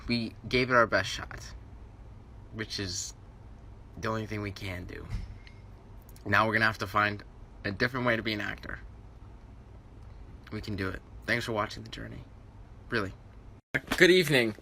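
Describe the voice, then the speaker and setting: A man's voice: on the low side, normal speed, gravelly, pauses often, pushed and bright, slight background noise. A young man in his twenties vlogging casually to camera from a tiny apartment, upbeat and self-mocking. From United States. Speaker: TikTok vlogger. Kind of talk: casual vlog narration to camera. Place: tiny New York City apartment.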